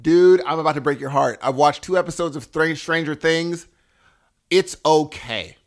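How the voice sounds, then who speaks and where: Laid back podcast cohost guy, kinda higher voice, pokes fun at himself. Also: moderate pace. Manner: easygoing, thanks listeners, self-mocking. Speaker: podcast co-host. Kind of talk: casual podcast chat.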